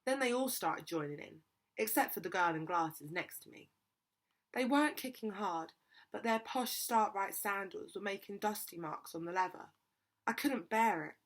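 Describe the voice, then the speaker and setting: A woman's voice: medium pitch, lively intonation, moderate pace. Woman reading a children's novel. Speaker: reader.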